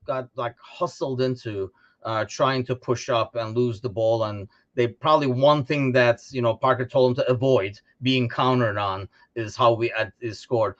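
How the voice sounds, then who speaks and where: A young man from Turkey hosting a live podcast, telling stories in lively casual chat and laughing often. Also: mid-range voice, normal speed. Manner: animated storyteller, laughs often. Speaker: podcast host. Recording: lo-fi live stream audio.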